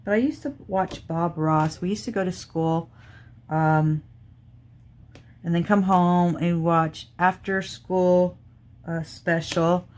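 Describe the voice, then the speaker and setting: Middle-aged female crafting host, slightly low voice, chatty and rambling, talks to her viewers while she works. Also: steady tone, takes it slowly, darkish tone. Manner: chatty and rambling, thinking aloud. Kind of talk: casual chat while diamond painting.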